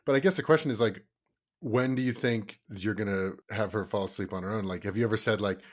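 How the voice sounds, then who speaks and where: A man with a fairly low voice co-hosts a relaxed parenting podcast. He talks in casual chat and tells stories with energy. He swears now and then without thinking about it. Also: quick pace. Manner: lively storyteller, acts out kids' voices, swears casually.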